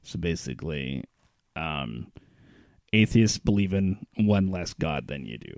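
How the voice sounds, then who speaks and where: A man's voice: extremely low pitch, expressive, unhurried, creaky, a little mellow, dry recording, clean studio sound. A man co-hosting a casual podcast, talking in a laid-back, rambling way full of fillers. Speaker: podcast co-host.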